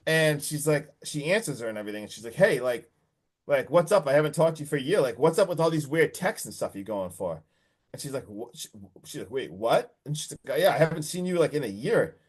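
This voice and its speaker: A man casually recapping a horror movie on a podcast, animated and full of swearing, acting out the characters' lines. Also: medium pitch, brisk, slightly rough. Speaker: podcast co-host.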